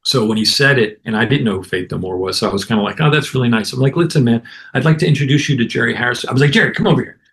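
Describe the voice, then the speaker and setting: A man, a guest musician, casually telling an animated anecdote and acting out other people's lines. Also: mid-range voice, rapid-fire, vocal fry, few pauses, slight background noise. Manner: animated anecdote with acted-out quotes. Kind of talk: casual storytelling.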